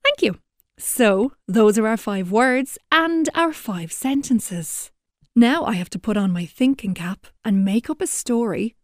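A woman presenting a children's educational radio segment, animated and encouraging in her teacher-like tone. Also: fairly high pitch, a little slow, no room sound, studio quality.

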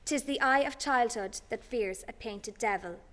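A woman's voice: a little high, normal speed, a bit bright, lightly acted. An actress playing a scheming, fearful noblewoman in classical stage style, urgent and commanding. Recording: long hall reverb.

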